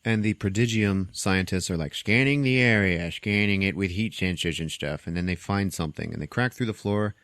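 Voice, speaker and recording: Deep-voiced man gleefully recapping a film. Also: moderate pace, few pauses, no room sound, clean studio sound. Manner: laughing, animated retelling with acted quotes. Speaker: podcast host.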